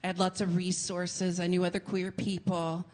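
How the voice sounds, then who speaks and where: A woman from Portland, Oregon, performing a theatrical stand-up set with camp flair and sudden shouted rants. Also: lowish voice, completely flat delivery, moderate pace. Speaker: stand-up comedian. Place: comedy venue with a laughing audience. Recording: live stage mic, audience noise.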